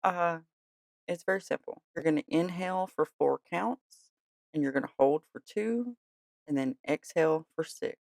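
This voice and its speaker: A podcast host in a gentle, chatty way of talking, tired and yawning late at night. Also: mid-range voice, moderate pace, creaky, no room sound. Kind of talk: casual podcast talk.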